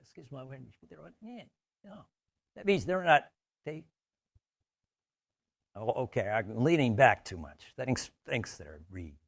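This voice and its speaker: A man's voice: mid-range voice, expressive, measured pace, gravelly, long pauses. A man from the United States giving a conversational training talk, full of stories and frequent "right?" checks. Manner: anecdotal, conversational, asks "right?" often. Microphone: studio mic.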